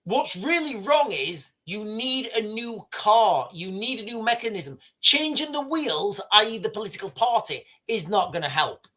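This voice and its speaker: Profane rambling livestream host. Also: male voice, sits high, normal speed, hardly any pauses. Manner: profane, rambling, animated storytelling. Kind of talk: casual ranting commentary.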